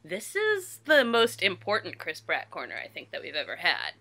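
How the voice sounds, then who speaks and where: A woman co-hosting a podcast in casual chat, excitable and quick to agree. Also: fairly low pitch, creaky, faint music behind. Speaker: podcast co-host.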